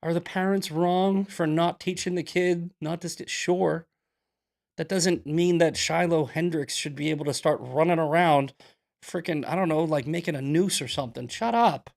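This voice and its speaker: This young political show host has a high-leaning, gravelly voice and speaks at normal speed. On his livestream he argues hotly with the chat, ranting and confrontational.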